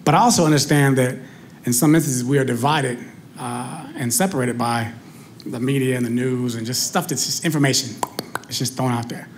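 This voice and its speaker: A man performing stand-up comedy, telling an animated story to the crowd on a club stage. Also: mid-range voice, fairly quick, a little hiss or hum.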